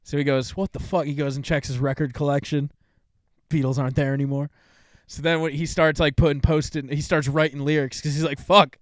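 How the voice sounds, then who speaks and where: A young man on a podcast with a smooth, fairly high voice, casually retelling movie plots between ums and curse words. The sound is dry and close. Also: little pitch movement, a little fast, dry recording. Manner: loose and profane, retells movie plots with lots of fillers. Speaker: podcast co-host.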